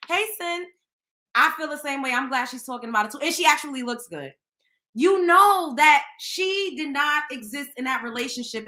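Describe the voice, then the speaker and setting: Blunt, profane woman host with a high, bright voice. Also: roomy sound, rough recording. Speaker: show host. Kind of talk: casual reaction commentary.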